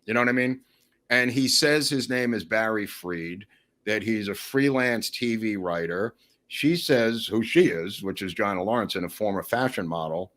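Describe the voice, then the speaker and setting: A man chatting as a podcast guest, telling animated, rambling stories to the host. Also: fairly low pitch, moderate pace. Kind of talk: casual storytelling.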